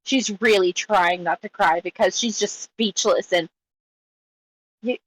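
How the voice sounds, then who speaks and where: A woman's voice: medium pitch, unhurried, no echo, rough recording. A woman playing a tabletop game, describing her character in a rambling way with many fillers. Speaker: player.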